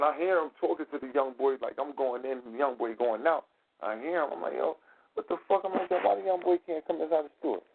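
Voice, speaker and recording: A man telling a story in a casual, profane way, acting out quotes in a raised voice. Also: medium pitch. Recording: phone-like line with faint noise.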